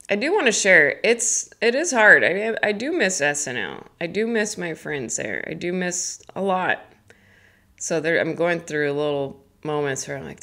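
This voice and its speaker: A woman's voice: fairly low pitch, lively intonation, measured pace, bright, forceful tone. A woman in her thirties, a comedian, chatting casually on a live stream in a rambling, self-deprecating, giggly way. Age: 30s.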